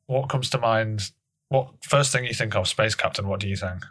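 A man co-hosts a comedy podcast with deadpan, mock-serious banter. His voice sits a little low. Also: moderate pace. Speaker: podcast co-host.

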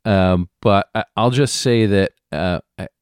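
A man chatting on a podcast about playing his tabletop game characters, pausing often with ums and restarts. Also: fairly low pitch, smooth, no echo, clean studio sound. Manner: hesitant, many ums and restarts. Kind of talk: casual podcast chat.

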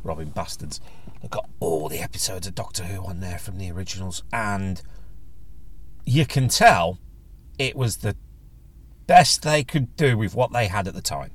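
A man's voice: low voice, normal speed, long pauses. A man hosting his own solo podcast, ranting in a blunt, crude, joking way with plenty of swearing. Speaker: podcast host. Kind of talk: casual solo podcast rant.

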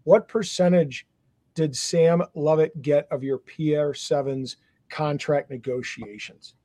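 A man co-hosting a podcast, asking questions in a measured way with many fillers. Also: a little high, steady tone, dark tone, dry recording. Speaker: podcast co-host.

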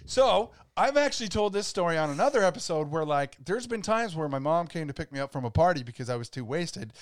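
A man's voice: sits high, animated, a little fast, hardly any pauses, no room sound, clean studio sound. A young man co-hosting a casual podcast, laughing as he tells embarrassing stories. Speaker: podcast co-host. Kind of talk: casual chat.

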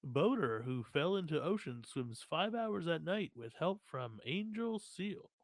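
Laid-back man with a lively voice. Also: on the high side, unhurried, no echo. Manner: laid-back, agreeable, short replies. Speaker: podcast co-host. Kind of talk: casual chat.

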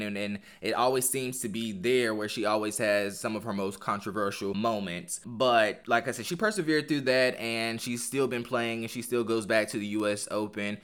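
Man, podcast host, casual opinionated chat, clear resonant voice, mid-range pitch. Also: fairly bright tone. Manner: chatty, opinionated, laughs now and then. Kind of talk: casual solo podcast commentary.

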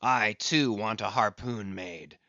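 A man's voice: lowish voice, slow pace, sharp tone, no echo, muffled recording. A man reading an audiobook, voicing an obsessed, brooding old sea captain who speaks in passionate, commanding old-fashioned speech. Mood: intense.

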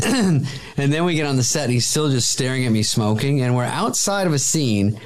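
A man's voice: medium pitch, lively intonation, moderate pace. A man telling an anecdote in an interview clip, profane and acting out the quoted lines.

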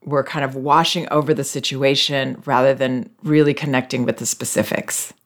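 A parenting advice host talks through listener questions in an unhurried, conversational way. The voice sits in a middling pitch and stays measured and patient. The tone is gently reassuring, like someone explaining things to parents who are struggling. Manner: calm, reflective, explains patiently.

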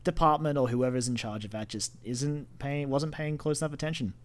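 A man's voice: medium pitch, fairly quick. A man co-hosting a casual gaming podcast, speaking in an offhand way and explaining things plainly. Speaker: podcast co-host.

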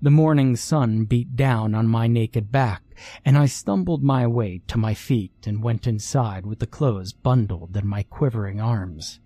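Man, horror story narration, measured, slow pace, husky dark voice, faint music behind. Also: medium pitch, dry recording. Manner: measured first-person storytelling.

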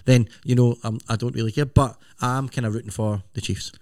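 A man's voice: mid-range voice, steady tone, brisk, a little mellow, no echo, studio quality. A middle-aged man, co-hosting a podcast in casual, rambling chat. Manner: rambling, self-interrupting. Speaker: podcast co-host.

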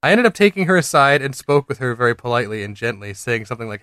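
A very animated man with a mid-range voice talks fast, sounding pushed, bright, clear and resonant as he co-hosts a podcast. Reading a listener's story in quotes, he keeps stopping for asides and laughter; the recording is dry and studio quality.

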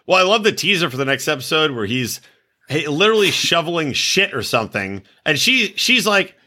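A man's voice: fairly high pitch, big pitch swings, a little fast, sharp tone. A man co-hosting a comedy podcast, chatting casually with sarcastic, crude jokes and mock ad reads. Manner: sarcastic, crude, jokey asides. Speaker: podcast co-host.

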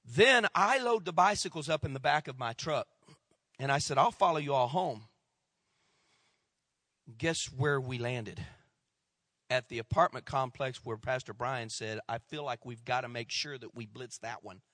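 A middle-aged male pastor telling a story in a sermon, acting out the people he quotes and dropping to a hush at tense moments. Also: medium pitch, moderate pace, dry recording, studio quality. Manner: animated storyteller, acts out quoted voices, drops to hushed tones.

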